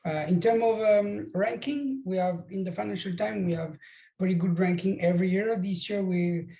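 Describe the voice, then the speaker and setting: A man's voice: high voice, vocal fry, warm tone, dull audio. Male school recruiter, heavy French accent, hesitant delivery, echoey room sound. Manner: halting, many pauses and restarts. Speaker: business school recruitment director. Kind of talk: presenting an online info session.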